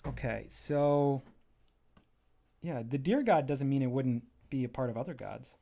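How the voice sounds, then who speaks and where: A man's voice: medium pitch, a little slow, creaky, dark tone. A man giving an enthusiastic, rambling walkthrough of his graphic novel on a casual livestream, often breaking off mid-thought. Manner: enthusiastic, rambling and self-interrupting.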